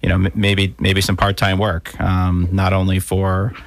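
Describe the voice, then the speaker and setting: A man's voice: low-pitched, completely flat delivery, a little slow, vocal fry, no echo. A man co-hosting a money podcast, explaining steadily in casual chat with many fillers. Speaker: podcast co-host.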